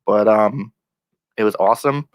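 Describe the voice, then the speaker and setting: A man's voice: on the low side, moderate pace, smooth, no room sound. A man co-hosting a podcast, joking and enthusiastic in casual chat. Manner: jokey, enthusiastic.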